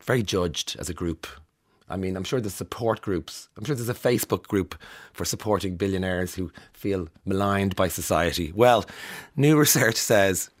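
A man's voice: low-pitched, moderate pace. A man hosting a morning radio show, chatting wryly through the day's news stories and laughing as he goes. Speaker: radio host.

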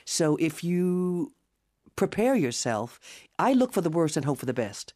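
A woman's voice: lowish voice, unhurried. An older woman, a singer guesting on a radio show, chatting and telling stories with lots of laughter and acted-out voices. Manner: lively storyteller, acting out quoted voices; hearty frequent laughter. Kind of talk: casual radio interview.

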